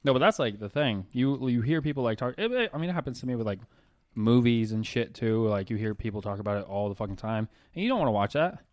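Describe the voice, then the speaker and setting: A man's voice: mid-range voice, lively intonation, quick pace, darkish tone, dry recording, clean studio sound. A man co-hosting a podcast in casual chat, talking in a profane, rambling way. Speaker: podcast co-host.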